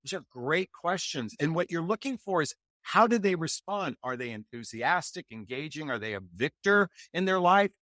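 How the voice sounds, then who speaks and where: Animated American man coaching on a podcast. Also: a little high, normal speed, hardly any pauses, no room sound. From United States. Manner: animated, enthusiastic, acts out example replies. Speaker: dating and relationship coach, guest. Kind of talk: podcast interview.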